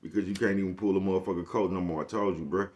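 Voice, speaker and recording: Rapid-fire and steady, a vlogger speaks in a deep, a little mellow voice through a casual, laid-back monologue. He leans on profane slang and keeps checking in with the listener.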